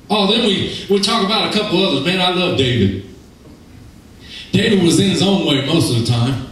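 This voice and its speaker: High-pitched preacher in echoing church. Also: male voice, a bit bright, a little hiss or hum. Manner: impassioned preaching, voices biblical figures in dialogue. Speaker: pastor. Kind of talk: sermon. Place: church sanctuary. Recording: roomy, distant church recording.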